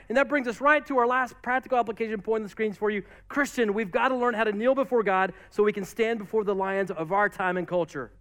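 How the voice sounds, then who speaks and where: A man preaching a sermon as pastor, lively and casual, acting out quotes and asides. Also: high voice, fast, few pauses.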